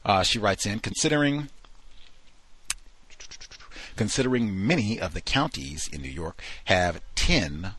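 Low, husky-voiced talk show host. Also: male voice, unhurried, long pauses. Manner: reads emails aloud in a low, relaxed voice. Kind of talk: call-in show host reading listener emails.

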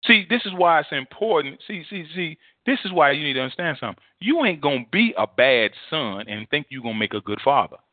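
A man preaches with a high, ringing voice, repeating words and swinging between loud and quiet. The sound is narrow and phone-like, dry and close. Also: big pitch swings, brisk, hardly any pauses, no room sound. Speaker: pastor. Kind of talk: sermon.

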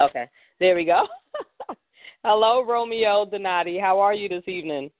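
A man's voice: high voice, moderate pace, no echo. A man hosting an online show, talking himself through fumbling with the mute controls on a tablet. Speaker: host. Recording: tinny phone-like call audio, dry.

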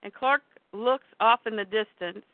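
A woman's voice: a little high, a little slow, no echo. Lady retelling a tv episode, does the characters' lines, dry tinny phone-ish sound. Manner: retells scenes, briefly voicing the characters' lines. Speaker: podcast host recapping a show. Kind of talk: casual recap, reading out scenes.

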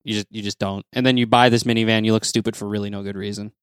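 A man co-hosting a casual podcast chat, teasing his friends and hedging his points with halting restarts. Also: lowish voice, level tone, clean tone, dry recording, studio quality. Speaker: podcast co-host.

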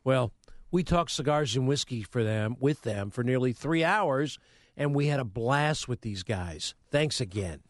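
A man co-hosting a radio talk show in a studio, chatting and giving shout-outs. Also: medium pitch, expressive, measured pace, dry recording. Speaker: radio co-host. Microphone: studio mic.

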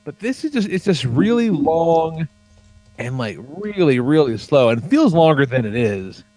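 A man's voice: fairly high pitch, sing-song, a little slow, a little mellow. A man chatting casually on a podcast, swearing freely and rambling with lots of fillers as he tells stories. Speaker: podcast co-host.

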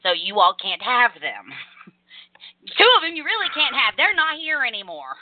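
Outspoken woman podcast host, kinda high voice, sounds like over a phone. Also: normal speed, a little hiss or hum. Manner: blunt, animated, swears casually, mocks in whiny voices. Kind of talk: casual chat. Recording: phone-like narrow sound, dry.

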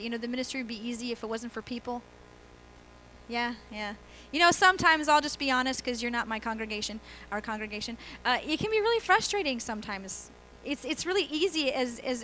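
A woman's voice: high-pitched, sharp tone, a little hiss or hum, rough recording. A woman pastor giving a conversational sermon, asking the congregation questions and laughing easily. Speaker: guest pastor.

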